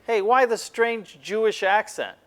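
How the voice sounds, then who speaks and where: A man's voice: high-pitched, lively intonation, measured pace. A man hosting a comedy video, with dry, jokey delivery. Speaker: host.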